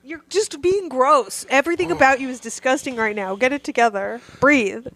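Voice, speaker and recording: A woman's voice: high voice, a little fast, a bit bright. A woman co-hosting a podcast, trading profane, teasing banter and scolding her co-host while laughing. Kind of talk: casual crude banter.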